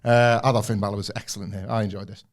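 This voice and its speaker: A man's voice: fairly low pitch, steady tone, racing. A man co-hosting a podcast, giving opinions in casual chat and peppering his talk with "like". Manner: filler-heavy, frequent "like". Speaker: podcast co-host.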